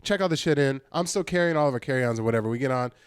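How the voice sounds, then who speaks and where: A man's voice: racing, clear, resonant tone, no echo, studio quality. A man co-hosting a podcast, telling a story in casual chat, swearing freely and mimicking other people. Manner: animated, swearing, mimics people in high voices. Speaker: podcast co-host. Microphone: studio podcast mic.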